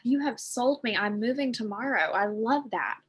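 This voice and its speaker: A woman's voice: a little high, animated, normal speed, slightly rough. A woman hosting a casual interview over a video call, bubbly and enthusiastic as she asks questions and answers her guest. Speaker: interview host.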